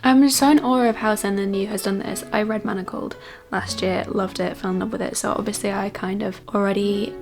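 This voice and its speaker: A young woman talks casually to the camera from her cosy home, her voice carrying a gravelly, fry-touched texture. She sounds enthusiastic, then turns hushed and soft when she settles down to read, with gentle guitar playing faintly underneath. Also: medium pitch, steady tone, a little fast. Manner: chatty and enthusiastic, drops to a soft hush while reading. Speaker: vlogger. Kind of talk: casual vlog chat. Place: cosy home reading corner.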